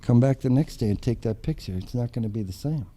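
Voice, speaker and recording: Older male artist, warm dark timbre, lively anecdotal storyteller. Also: medium pitch, quick pace. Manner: animated storyteller acting out quoted voices. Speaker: guest artist. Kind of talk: casual storytelling chat.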